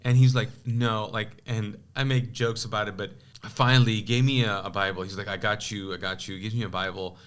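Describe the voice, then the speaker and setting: A podcast guest, a pastor from Kuwait, delivers his testimony briskly with hardly any pauses, his voice fairly low and clean in tone. He's animated, voicing both parties of an old exchange and scattering in many asides.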